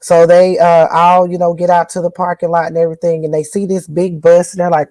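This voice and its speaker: A woman's voice: lowish voice, brisk, no room sound, poor audio. Folksy country woman from northern Louisiana. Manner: folksy and animated, with old-fashioned country sayings. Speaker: podcast co-host. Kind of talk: casual chat.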